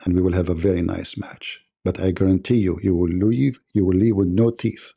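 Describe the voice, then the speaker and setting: A man's voice: low-pitched, fairly even intonation, brisk, gravelly, warm tone. A man hosting a livestream debate, delivering a mocking, combative monologue.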